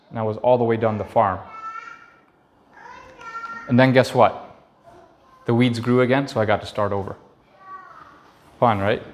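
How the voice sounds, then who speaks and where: Man in his thirties, church talk, emphatic, repeats key lines, mid-pitched. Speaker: church speaker addressing young men. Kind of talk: personal story sermon.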